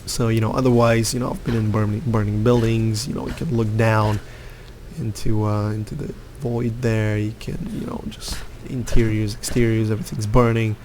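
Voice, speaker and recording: A man's voice: on the low side, little pitch movement, normal speed, darkish tone, slight background noise. A man giving casual, rambling commentary over gameplay as a hardware reviewer, full of fillers and repeated words.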